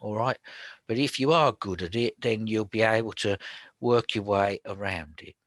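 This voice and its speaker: A man teaching about spiritual healing in a chatty, colloquial way, often dropping to a hushed whisper. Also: lowish voice, moderate pace, no echo. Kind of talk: casual spoken teaching.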